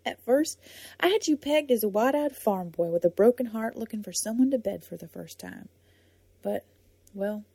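A tough, spirited young woman from a storybook talks in a lively, teasing way, as a woman reads her. Her voice stays mellow and breathy, close and dry. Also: no echo, full character voice. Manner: lively and teasing, rising pitch.

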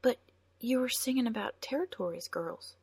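A woman voicing a frightened, half-starved teenage girl who speaks in a high, trembling, countrified way. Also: normal speed, gravelly, a little mellow, slightly rough, no room sound. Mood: earnest.

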